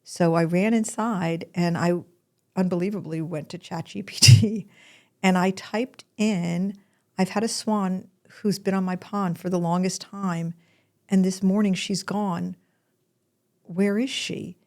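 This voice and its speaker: A woman's voice: fairly low pitch, steady tone, measured pace. An older woman hosting a podcast, telling a personal story in a candid, emotional way. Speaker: podcast host.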